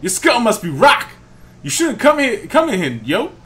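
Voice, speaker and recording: A man's voice: very high-pitched, wildly swooping pitch, normal speed, a bit bright, pitched above the performer's own voice, heavily acted. A man voicing a brash young male street gang thug, taunting in a rhyming swagger.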